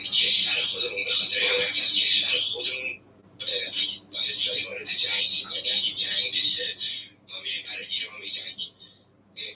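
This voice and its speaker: A man's voice: fairly low pitch, bright, forceful tone. A man from Iran making an earnest, urgent political appeal as a guest, repeating his point. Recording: echoey room, far from mic, faint noise.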